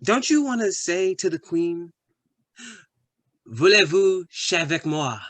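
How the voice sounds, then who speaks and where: A man's voice: high voice, lively intonation, slow, a bit bright, dry recording, heavily acted. A man playing a crude, pushy young British bloke with a British accent who is boastful and full of slang. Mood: leering. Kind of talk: comedy sketch acting.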